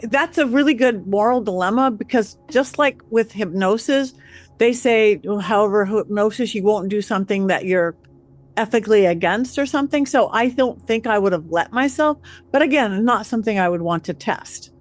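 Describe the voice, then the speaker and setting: A woman telling a story as a guest, acting out the quoted voices with lively changes. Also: mid-range voice, moderate pace. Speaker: guest psychic medium. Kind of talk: animated storytelling.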